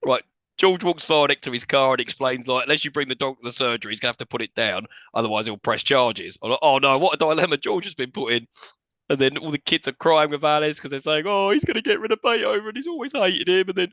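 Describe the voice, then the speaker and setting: A man co-hosting a podcast, chatting quickly and laughing as he recaps a film. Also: mid-range voice, fairly bright tone, no room sound. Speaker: podcast co-host. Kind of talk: casual chat recapping a film.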